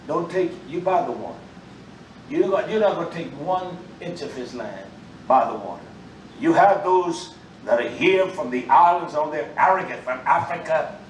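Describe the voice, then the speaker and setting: A man preaches a sermon in a loose, animated street style, his fairly high voice bursting out loud and then dropping back, at a moderate pace. He sounds roomy and a bit distant from the mic, with faint room ambience and slight background noise.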